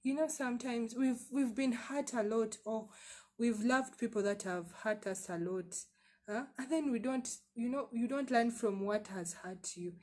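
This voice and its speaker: A woman's voice: on the high side, unhurried, darkish tone. A woman vlogger telling her personal story to camera in a candid, emphatic way, often repeating words and asking rhetorical questions.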